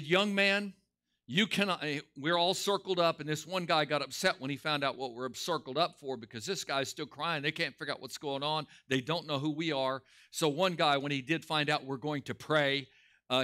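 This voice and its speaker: A man's voice: fairly high pitch, fairly even intonation, moderate pace, sharp tone. A man, a pastor, preaching a Sunday school lesson with emphatic, storytelling delivery. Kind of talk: sermon.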